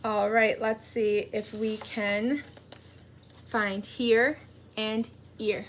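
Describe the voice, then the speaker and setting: A woman teacher leading a morning meeting for young children, in a slow, animated, sing-song voice with many questions for the kids. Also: mid-range voice, slight background noise. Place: home room.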